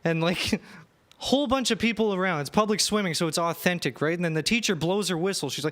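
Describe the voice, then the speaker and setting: A young man performs stand-up on a small club stage, his voice notably high and light. He pokes fun at himself and keeps chuckling through his own lines, speaking into a handheld mic. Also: quick pace, a bit bright. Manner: self-deprecating, laughing through his lines. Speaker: stand-up comedian and emcee. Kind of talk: stand-up comedy set.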